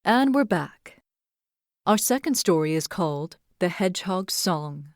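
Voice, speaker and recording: A young adult woman hosting a podcast, reading fairy tales aloud and reflecting on faith in an earnest, expressive way. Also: fairly low pitch, measured pace, no echo, studio quality. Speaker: podcast host and storyteller. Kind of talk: storybook narration and devotional reflection.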